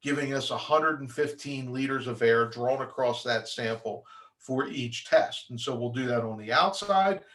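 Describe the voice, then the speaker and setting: A man's voice: medium pitch, fairly bright tone. A man, a mold inspector, giving a conversational presentation on mold testing. He explains with plenty of fillers and restarts, and now and then acts out a lab's replies. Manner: acts out lab replies in quick asides.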